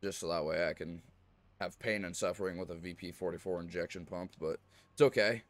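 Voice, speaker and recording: A man streaming a farming game, chatting casually and rambling, often clearing his throat. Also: low voice, steady tone, a little fast, no echo. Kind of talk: casual live-stream chat.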